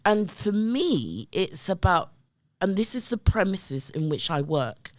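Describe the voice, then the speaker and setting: A middle-aged woman, a guest, telling stories in an emphatic, animated way and often checking in with her listener. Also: medium pitch, slow pace, no room sound. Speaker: guest, community development worker. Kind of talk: conversational storytelling.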